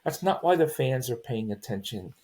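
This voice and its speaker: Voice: medium pitch, animated, moderate pace, warm tone. A podcast host in a casual sports chat, rambling with many restarts, opinionated and exasperated. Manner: rambling, with frequent restarts and fillers.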